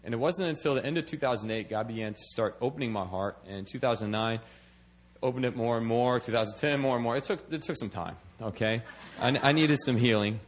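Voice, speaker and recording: A man's voice: medium pitch, fast, a little hiss or hum. A man preaching a sermon in a conversational way, often checking in with "okay?" and repeating words as he restarts. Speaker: preacher and missionary.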